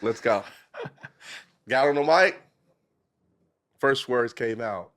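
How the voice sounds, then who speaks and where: A man, a talk show host guesting on a podcast, telling a story with excitement, acting out quotes and swinging from whispers to shouts. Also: mid-range voice, extremely slow, pauses often. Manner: speaks some Spanish and English. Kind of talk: animated storytelling in casual chat.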